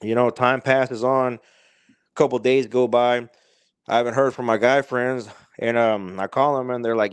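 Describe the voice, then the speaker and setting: A man's voice: medium pitch, fairly even intonation, normal speed, clear, resonant tone, no echo. Guy rambling through a story on a podcast, lots of "you know", swears a bit, mid voice, dry sound. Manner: loose and rambling, heavy on fillers and swearing. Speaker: guest. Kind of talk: casual storytelling.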